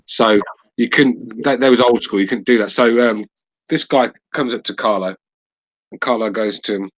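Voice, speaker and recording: A man hosting a podcast, telling stories in a halting way with many restarts. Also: medium pitch, a little hiss or hum, rough recording. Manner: halting, full of fillers and restarts. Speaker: podcast host. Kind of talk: casual chat, storytelling.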